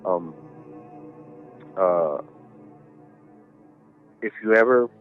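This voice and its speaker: A man's voice: deep voice, drawn-out words, soft background music. A man telling a ghost story as a podcast guest, rambling and swearing with lots of fillers, over a tinny phone-like line. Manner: rambling, profane, many fillers. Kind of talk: casual storytelling.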